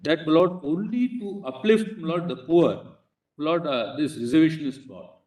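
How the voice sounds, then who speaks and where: A man's voice: a little high, moderate pace, darkish tone, far from the mic. A man with an Indian English accent, arguing a case before a bench of judges and insistently addressing them as "my lord" at nearly every phrase. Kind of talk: courtroom legal argument. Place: courtroom. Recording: echoey courtroom webcast, speaker off-mic.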